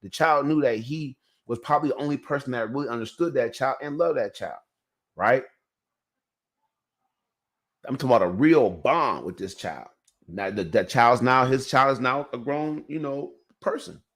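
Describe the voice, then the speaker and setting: A podcast host tells a story in a casual monologue, rambling and slangy, speaking directly to his viewers. His medium-pitched voice is fairly bright with lively intonation at a moderate pace.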